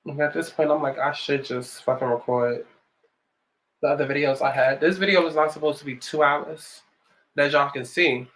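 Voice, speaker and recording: A woman's voice: deep voice, fairly even intonation, moderate pace. A woman around thirty with a New York accent, chatting sassily and with lots of profanity while doing her makeup at home. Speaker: vlogger. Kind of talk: get-ready-with-me casual chat.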